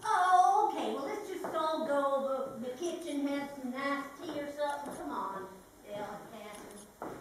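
A woman's voice: sits high, moderate pace, slight background noise, natural voice. An actress playing a homey, rambling older Southern lodge-keeper in a live stage comedy, motherly and folksy. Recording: echoey theater stage from far off.

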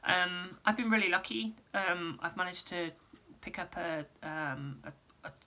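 Losing her voice and clearing her throat, a woman musician gives a casual vlog update. Her bright, lowish voice holds a steady tone and an unhurried pace as she rambles with lots of ums and restarts.

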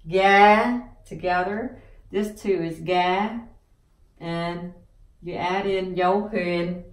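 A woman teaching pronunciation, sounding out each syllable slowly and repeating words. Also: lowish voice, steady tone, darkish tone, echoey room, recorded from a distance. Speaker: language teacher. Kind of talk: slow pronunciation lesson.

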